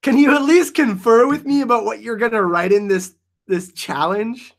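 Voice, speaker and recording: A man hosting a casual live Q&A stream, reading the chat; excitable, laughing often and saying "like" a lot. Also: extremely high pitch, a little slow, pauses often. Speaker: livestream host answering chat.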